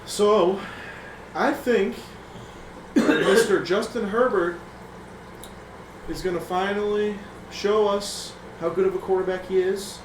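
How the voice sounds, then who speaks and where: A man's voice: high voice, echoey room, distant mic, background noise. A man co-hosting a casual sports podcast, chatty and joking. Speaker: co-host.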